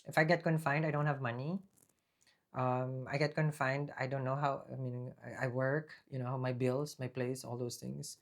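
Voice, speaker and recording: A man's voice: medium pitch, fairly even intonation, a little slow, gravelly. Rambling, emphatic male tarot reader. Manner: rambling, with frequent fillers and restarts; bursts into loud, emphatic talk. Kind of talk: casual spoken tarot reading with personal testimony.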